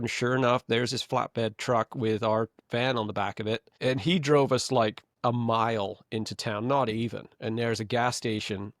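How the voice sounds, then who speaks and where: A man's voice: mid-range voice, dry recording, studio quality. A man hosting a podcast, telling a long road-trip story in a rambling, self-correcting way. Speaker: podcast host. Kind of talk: casual chat.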